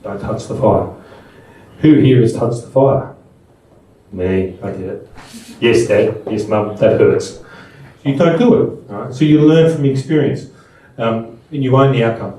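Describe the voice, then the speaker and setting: This middle-aged speaker's medium-pitched voice is warm and a little slow. He's telling stories to a live audience at a Buddhist seminar, chatty and prone to restarting, recorded from afar in a very echoey room.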